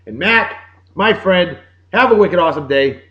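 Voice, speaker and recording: A man with a Boston accent, somewhat high for a man, hosts a casual home-made show with jokey, upbeat, sing-song greetings. His pitch swings widely. The recording sounds dull and lo-fi. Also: lively intonation, moderate pace. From Massachusetts. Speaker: podcast host. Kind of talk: casual birthday shout-outs.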